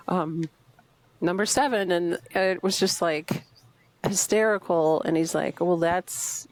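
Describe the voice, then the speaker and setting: A young adult woman co-hosting a podcast in casual chat, chatty and quick to laugh, with many fillers. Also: mid-range voice. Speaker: podcast co-host.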